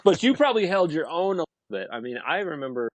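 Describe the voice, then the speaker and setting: A man's voice: a little high, sing-song, fast talker, rough recording. A man in his thirties in casual podcast chat, telling a story animatedly with lots of fillers. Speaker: podcast guest.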